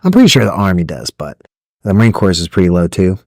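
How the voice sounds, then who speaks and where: A young man, a podcast co-host, chatting casually, rambling through stories with frequent laughs and swearing, and mimicking yelling drill instructors. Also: deep voice, wildly swooping pitch, fast, no room sound, studio quality. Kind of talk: casual chat.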